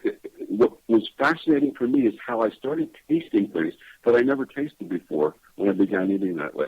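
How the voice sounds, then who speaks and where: A man from New York co-hosting a radio chat, talking in a quick, animated way. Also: fairly low pitch, husky, dry recording. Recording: dry, tinny phone line.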